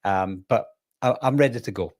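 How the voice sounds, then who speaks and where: A man's voice: on the low side, moderate pace. A man from the in his thirties, hosting a casual live-stream chat, talking in a chatty, rambling way and laughing easily. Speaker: host.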